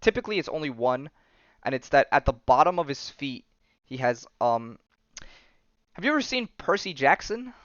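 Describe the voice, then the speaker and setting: Rambling man with a smooth, dry voice. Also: medium pitch, big pitch swings, moderate pace, long pauses, a bit bright, no echo, lo-fi sound. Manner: rambling, many fillers and restarts. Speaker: podcast host. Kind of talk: casual chat recapping comics.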